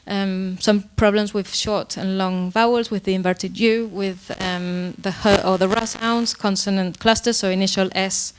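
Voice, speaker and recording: A woman's voice: mid-range voice, fairly even intonation, unhurried, hardly any pauses, a little hiss or hum. A woman lecturer giving an academic presentation on pronunciation teaching, explaining with frequent fillers and self-corrections. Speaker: university lecturer.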